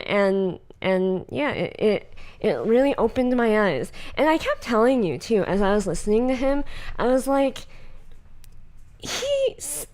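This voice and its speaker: A young woman from California with a Valley Girl accent, hosting a podcast in casual, chatty talk, often laughing and using fillers. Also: a little high. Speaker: podcast host. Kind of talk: casual chat.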